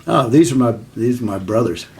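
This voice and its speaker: A man's voice: mid-range voice, lively intonation, fairly quick, vocal fry, a little mellow, slight background noise. An older man, a band member, talking earnestly and reflectively in an interview.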